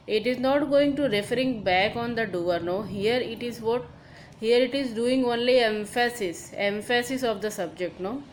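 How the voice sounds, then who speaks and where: A woman teacher, slowly explaining grammar to schoolchildren and repeating each example. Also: on the high side, a little hiss or hum, rough recording. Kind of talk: recorded online grammar lesson.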